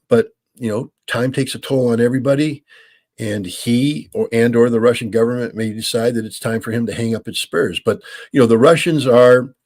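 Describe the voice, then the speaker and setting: An American man, the show's regular guest analyst, answering call-in questions in a loose, explanatory way, full of fillers and restarts. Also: medium pitch. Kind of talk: call-in Q&A commentary.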